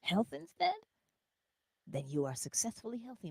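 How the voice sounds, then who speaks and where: A woman hosting a morning inspiration stream, giving an animated motivational talk that moves between loud cheering and soft whispers, laughing often. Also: mid-range voice, a little slow, husky, no room sound, clean studio sound.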